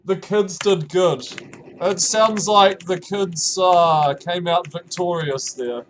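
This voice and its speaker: A man's voice: slow pace, slight background noise. A young man with a New Zealand accent chatting casually on a live stream, reading messages aloud, laughing often and stumbling over restarts. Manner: laughs often, stumbling restarts, reacts with sudden high exclamations.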